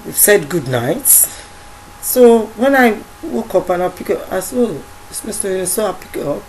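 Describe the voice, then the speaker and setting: A woman with a Nigerian accent recounting a story in casual speech, halting often with fillers and restarts. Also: mid-range voice, animated, a little mellow, slight background noise, low-quality recording. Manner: halting, many fillers and restarts, quotes others in dialogue. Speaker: activist recounting events.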